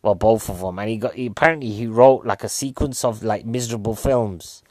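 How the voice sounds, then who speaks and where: A man's voice: lowish voice, a little fast, darkish tone, no room sound, studio quality. A man, rambling jokily as a podcast host reviewing a film and poking fun at himself. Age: 40s. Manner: rambling, jokey, self-mocking. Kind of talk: casual film review chat.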